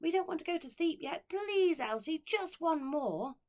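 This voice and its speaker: A woman voicing a group of young orphan children begging eagerly for another bedtime story, in a high, eager voice. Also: expressive, normal speed, a little mellow. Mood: pleading.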